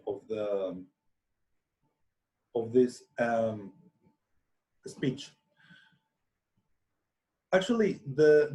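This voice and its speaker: Slow, hesitant man teaching. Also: medium pitch, mellow. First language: Spanish. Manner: slow, hesitant, many restarts and fillers. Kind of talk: software tutorial screencast.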